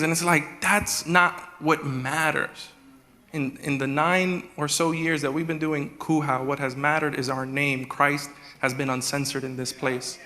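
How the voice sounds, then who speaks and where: A man preaching a sermon as executive pastor, animated, acting out prayers in a raised voice. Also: fairly high pitch, moderate pace. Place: church hall. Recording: live church hall with reverb and music.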